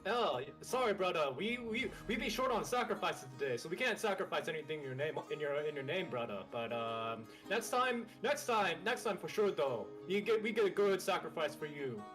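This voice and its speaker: A man's voice: a little high, very animated, fairly quick, few pauses, a bit bright, faint music behind. A man voicing a jovial, party-loving turtle-man cult leader who calls everyone brother.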